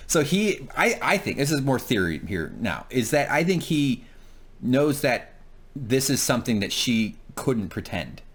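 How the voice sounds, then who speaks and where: Animated man doing a profane TV recap. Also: medium pitch, slow, husky. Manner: animated, profane, acts out scenes in silly voices. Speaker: co-host reviewing a TV episode. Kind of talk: casual review chat.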